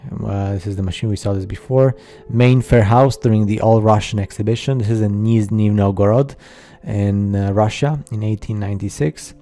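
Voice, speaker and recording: A man narrating a slideshow in a casual, halting way, full of fillers and skeptical asides. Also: fairly low pitch, fairly even intonation, dark tone, soft background music. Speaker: video narrator.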